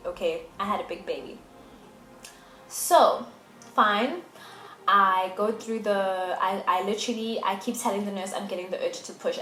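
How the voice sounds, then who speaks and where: A woman's voice: medium pitch, fairly bright tone. A young woman vlogger from South Africa, emotionally retelling a hard experience with emphatic repetition. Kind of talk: casual storytelling to camera. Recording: echoey room, faint music.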